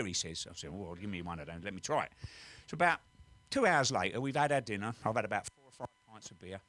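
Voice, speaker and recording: A man's voice: medium pitch, very animated, quick pace, fairly bright tone, dry recording. An English man telling rambling, cheeky pub stories and jokes, full of "right?" and "he said". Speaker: guest storyteller.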